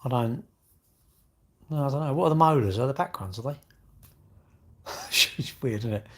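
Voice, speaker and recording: A man's voice: medium pitch, moderate pace, long pauses. An English man hosting a livestream, rambling and mocking in casual chat as he reads and answers comments. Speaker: livestream host.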